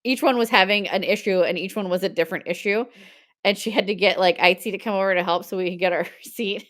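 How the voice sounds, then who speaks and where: A woman's voice: mid-range voice, fast talker, a bit bright. Chatty woman hosting a live sale. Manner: chatty storytelling, laughs often, reads viewer comments. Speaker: live-stream seller. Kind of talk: casual live-stream chat.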